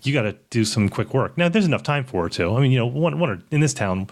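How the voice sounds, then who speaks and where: A man with a Maryland accent co-hosting a podcast, quick and argumentative, often restarting his sentences. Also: medium pitch, animated. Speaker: podcast co-host. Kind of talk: casual political chat.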